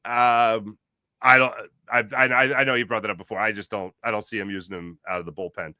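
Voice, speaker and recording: A man's voice: on the low side, a little fast, dry recording, clean studio sound. A man hosting a casual sports podcast livestream and reading out the chat with jokey, rambling energy. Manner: animated, jokey, rambling with restarts.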